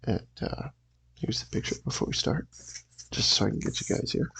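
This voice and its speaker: A young man hosting a channel, reading a comic aloud in a casual, rambling way with a raspy voice. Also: fairly low pitch, fairly quick, fairly bright tone, no echo, low-quality recording. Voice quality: raspy, gravelly.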